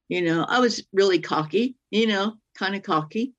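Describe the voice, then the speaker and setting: A woman's voice: medium pitch, normal speed, lo-fi sound. A woman in her sixties telling a personal story as a guest, rambling and often circling back to her point. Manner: rambling, keeps circling back with "well, anyway".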